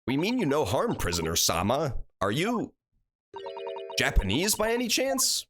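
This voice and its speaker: A man's voice: a little high, huge pitch swings, measured pace, background noise, voice pushed up. A man doing a polite young woman. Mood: courteous. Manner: courteous, gentle.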